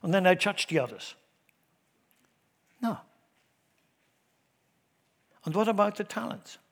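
High-voiced preacher, loud then hushed. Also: male voice, expressive, slow pace, creaky. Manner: swings between loud emphatic declarations and low conversational asides; repeats words for emphasis, asks the congregation questions. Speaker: pastor. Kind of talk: sermon. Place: church.

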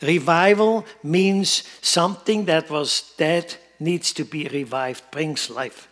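Emphatic male preacher, slightly high voice. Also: slow, hardly any pauses. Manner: emphatic preaching, swinging from loud to quiet. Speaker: pastor. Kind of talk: sermon.

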